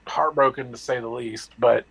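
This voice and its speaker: A man's voice: medium pitch, steady tone, creaky, fairly bright tone, breathy edge, rough recording. A man candidly telling a personal story, blunt and profane, acting out the dialogue and restarting his sentences. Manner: halting with restarts and fillers.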